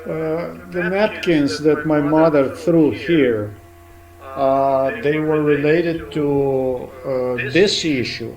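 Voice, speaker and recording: A man's voice: fairly high pitch, takes it slowly, a crowd in the background, poor audio. A man, an English speaker, complaining in an aggrieved, repetitive way in a played-back recording.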